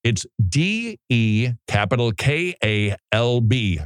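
Male radio host, lively pitch, chatty and joking, dry studio sound. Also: takes it slowly, clean tone, no room sound. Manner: chatty and joking, laughs often. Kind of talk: casual radio monologue. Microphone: studio microphone.

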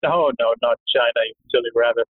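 A man's voice: mid-range voice, a little fast, breathy edge, no room sound. Laid-back male caller over a phone line. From Canada. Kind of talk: casual phone call.

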